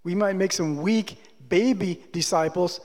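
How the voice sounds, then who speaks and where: A man's voice: high-pitched, unhurried, a little mellow, big-room sound. A man preaching a sermon, emphatic and driving his point home with repeated rhetorical questions.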